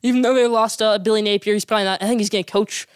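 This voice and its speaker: Fast-talking woman ranting about college football. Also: medium pitch, steady tone, clean tone, no echo, studio quality. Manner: emphatic, repeats points for effect. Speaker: sports vlogger. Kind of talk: opinionated college football commentary.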